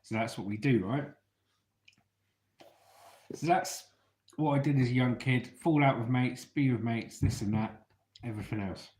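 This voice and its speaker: A man from England, a storyteller vlogger, chats to an online audience about his youth, often checking in with them. His mid-range, slightly mellow voice keeps a moderate pace with long pauses, and the recording carries a roomy echo.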